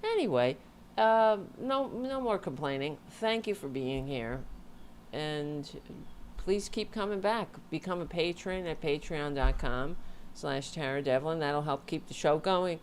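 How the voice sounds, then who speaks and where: A tired woman hosts her livestream from home, talking into a desk mic in a low voice. She rambles loosely, breaks off mid-thought and jokes with her viewers. A faint hum of room ambience sits behind her. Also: expressive, a little slow. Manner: rambling, self-interrupting, joking. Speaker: host of a livestream show. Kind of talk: casual livestream chat. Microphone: home mic with audio interface.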